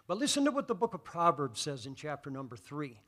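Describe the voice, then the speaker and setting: Male pastor, high voice, bright, sermon, slow scripture reading, rising to fervent exhortation. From United States. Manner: builds from calm teaching to loud fervent exhortation; quotes scripture in slow measured phrases.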